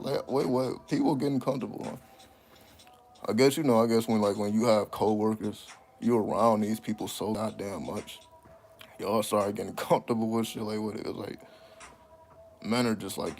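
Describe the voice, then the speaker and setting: A man telling stories in a casual, profane monologue, breaking into high laughing exclamations. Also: moderate pace, a little mellow, soft background music. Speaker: channel host.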